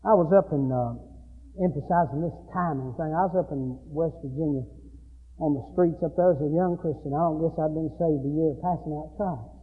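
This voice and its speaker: A man preaching a sermon, swinging between shouted, excited passages and low, quiet asides. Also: brisk, slightly rough. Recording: tinny phone-like sound with long hall echo.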